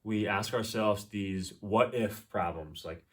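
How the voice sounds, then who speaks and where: A man's voice: lowish voice, slow pace, few pauses, distant mic. A young man co-hosting a podcast in an easygoing way, agreeing a lot as he chats. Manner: easygoing, lots of agreeing fillers. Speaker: podcast co-host. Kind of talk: casual chat.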